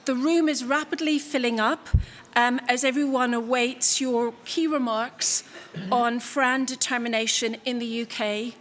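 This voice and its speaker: A woman's voice: fairly high pitch, fairly even intonation, unhurried, fairly bright tone, slight background noise. A woman chairing a conference session, introducing a speaker in a formal, gracious manner with light humour.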